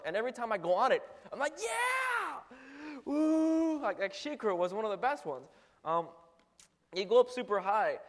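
Young man, high voice, animated storyteller, mimics clunking noises, long echoing hall reverb. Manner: animated, mimics ride noises, heavy filler words. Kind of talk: casual storytelling monologue.

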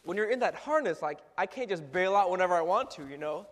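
A young man in a casual storytelling monologue, animated and full of filler words, acting out ride noises. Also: high-pitched, quick pace. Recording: long hall reverb.

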